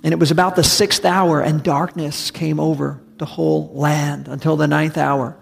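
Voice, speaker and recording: A man's voice: a little high, little pitch movement, normal speed, creaky, husky. A man preaching a sermon as a pastor, conversational and emphatic, often repeating his points. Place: church sanctuary. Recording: long hall reverb.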